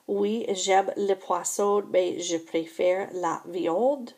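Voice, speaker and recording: A slow, patient woman teaching a French lesson, walking through verb endings step by step. Her voice is mellow and a little gravelly, with an unhurried, steady delivery. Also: mid-range voice. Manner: slow, patient explaining with frequent "so again" and "remember". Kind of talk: recorded classroom lesson.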